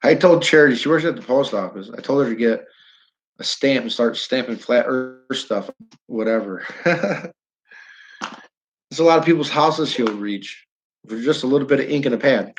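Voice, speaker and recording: A man's voice: medium pitch, normal speed. A man hosting a casual live-stream chat, rambling and joking as he puts questions to his listeners. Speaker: host. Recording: dull lo-fi stream audio.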